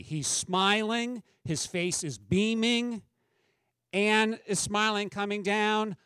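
Conversational male pastor, fairly high, dry sound. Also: clean tone, dry recording. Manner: conversational preaching with rhetorical questions. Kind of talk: sermon.

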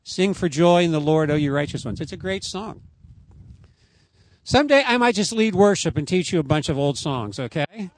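A man's voice: on the high side, sing-song, moderate pace, no echo. A man preaching a sermon outdoors, earnest and emphatic as he tells a story to his listeners. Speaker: pastor.

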